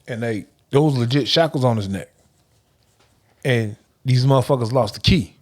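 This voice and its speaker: A man's voice: mid-range voice, moderate pace. Argumentative man in casual podcast chat. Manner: animated, argumentative, says "bro". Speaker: podcast co-host.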